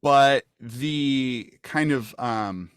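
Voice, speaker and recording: A man narrating a tabletop game as game master over a video call. He talks slowly and haltingly, with many fillers and restarts. The sound is dry and close. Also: medium pitch, clean tone, dry recording.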